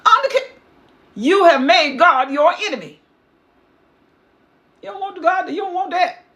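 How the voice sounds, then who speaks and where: A woman's voice: very high-pitched, unhurried, bright, forceful tone, pitched above the performer's own voice, exaggerated voice. A woman playing an indignant old prophet, woken up. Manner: scolding, exasperated.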